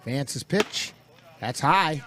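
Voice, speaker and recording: Man calling baseball play-by-play. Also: extremely slow. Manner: relaxed, folksy asides between pitches. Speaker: play-by-play announcer.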